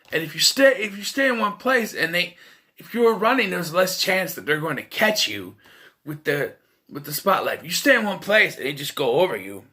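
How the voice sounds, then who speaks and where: Man reviewing a movie off the cuff, animated delivery, exasperated and profane. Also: a little high. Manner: rambling, exasperated, swears freely. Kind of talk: casual spoken film review.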